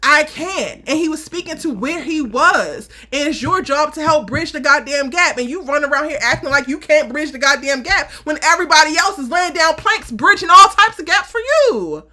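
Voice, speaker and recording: Woman host, high bright voice, blunt and emphatic TV recap talk. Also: moderate pace, few pauses. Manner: blunt, emphatic, swears, acts out what she said. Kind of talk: live aftershow recap chat.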